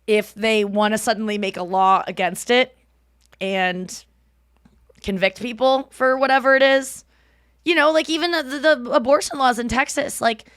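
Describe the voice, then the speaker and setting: A woman's voice: a little high, normal speed, a bit bright, no echo, clean studio sound. A woman in her thirties hosting a podcast, rambling casually and swearing freely with self-deprecating humor. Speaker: podcast host. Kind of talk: casual chat.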